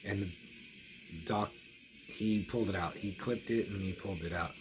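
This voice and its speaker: A middle-aged man with a low voice and measured pace casually tells a long story for his horror review vlog. He rambles, restarting often and slipping in quoted asides, with music playing behind him.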